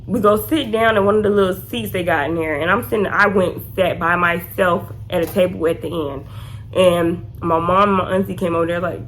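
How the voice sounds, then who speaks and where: A woman's voice: fairly low pitch, fast talker, fairly bright tone, slight background noise. A young adult woman, animatedly telling a casual storytime as a vlogger and acting out quotes in a raised voice.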